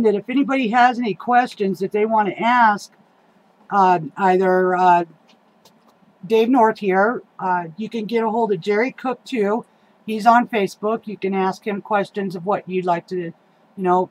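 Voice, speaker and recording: A woman's voice: mid-range voice, steady tone, moderate pace, rough recording. A middle-aged woman giving a casual, rambling rant about local politics, heated and swearing, with lots of ums and uhs.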